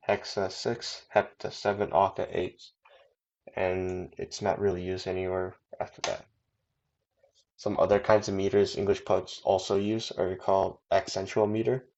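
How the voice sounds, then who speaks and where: Low gravelly man on a dull recording. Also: a little mellow. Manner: reads with small slips and fillers. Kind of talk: reading a prepared lesson.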